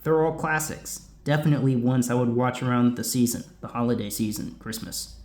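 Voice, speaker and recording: A man casually chatting as a host answering viewer questions, rambling with lots of asides. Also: mid-range voice. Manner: lively, rambling, many asides. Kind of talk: casual chat. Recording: roomy echo.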